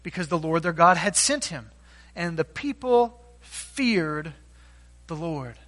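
Bright, high-voiced male preacher. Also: lively intonation, takes it slowly. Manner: earnest, emphatic preaching with rhetorical questions. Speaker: pastor. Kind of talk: sermon.

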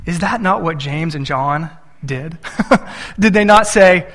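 Lively bright-voiced male preacher, hall echo. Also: a little high, slow pace. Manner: acts out little voices when quoting his son and wife. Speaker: pastor. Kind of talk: sermon.

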